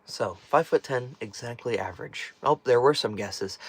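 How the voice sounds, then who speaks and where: A man's voice: mid-range voice, moderate pace, husky, no echo. A man hosting a casual live stream from inside a small tiny house, reading chat questions, joking and laughing often, his voice now and then cracking. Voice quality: voice cracks at times. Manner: chatty, jokey, laughs often.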